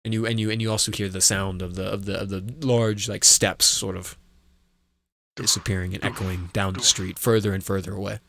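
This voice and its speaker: A man's voice: low voice, level tone, a little fast, vocal fry, a bit bright, a little hiss or hum. A man narrating as game master, rambling with restarts and acting out sound effects.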